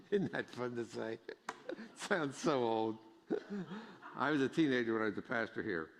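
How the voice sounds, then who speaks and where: A man's voice: mid-range voice, expressive, unhurried, gravelly, slight background noise. A middle-aged man preaching a sermon as pastor, folksy and joking, rising to emphatic preaching. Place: church sanctuary. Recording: long church reverb.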